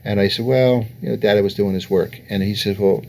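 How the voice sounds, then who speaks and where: A man's voice: fairly low pitch, steady tone, fairly quick, vocal fry, a little mellow, a little hiss or hum. An older man, a family therapist being interviewed, telling anecdotes and laughing as he talks. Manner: storytelling, voices others in quotes with lots of laughter. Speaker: guest therapist. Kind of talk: interview answers.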